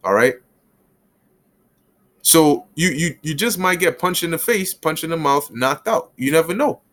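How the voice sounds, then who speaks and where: A man giving a conversational Bible lesson in casual street slang, breaking into quick little acted scenes. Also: a little high, expressive, fairly bright tone. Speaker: bible teacher.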